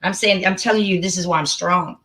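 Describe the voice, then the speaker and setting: A middle-aged woman hosts a casual livestream chat in a lowish, somewhat bright voice, with fairly even intonation and a brisk pace. She's emphatic and repeats words, often talking over her guest.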